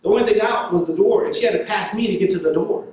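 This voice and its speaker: A man preaching a sermon and telling a story in an animated way, laughing now and then. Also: high-pitched, fast, heavy reverb, distant mic, low-quality recording.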